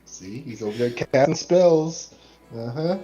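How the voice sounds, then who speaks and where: A male player at a tabletop game making animated, teasing asides. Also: medium pitch, measured pace, lo-fi sound, faint music behind. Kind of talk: casual tabletop play.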